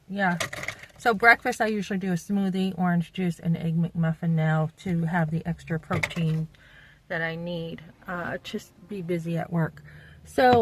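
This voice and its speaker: A woman's voice: mid-range voice, a bit bright, a little hiss or hum, low-quality recording. Middle-aged new england woman in her van, blunt, rambly, lots of ums, phone vlog. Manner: blunt, rambling retelling with fillers. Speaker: vlogger. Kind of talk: casual vlog talk. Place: parked van.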